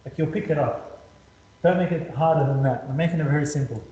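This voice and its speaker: A man's voice: fairly high pitch, brisk, mellow. Male maths tutor, casual and repetitive, slightly dull lo-fi recording. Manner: chatty, repetitive, talks students through steps. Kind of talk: casual whiteboard lesson. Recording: roomy echo, slightly dull lo-fi sound.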